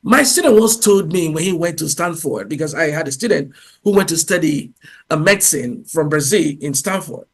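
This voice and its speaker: High-voiced man giving an animated talk. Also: moderate pace, slightly rough. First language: English. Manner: animated, acts out little dialogues in different voices; frequent fillers and self-corrections. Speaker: speaker at a university career event. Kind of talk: motivational public talk.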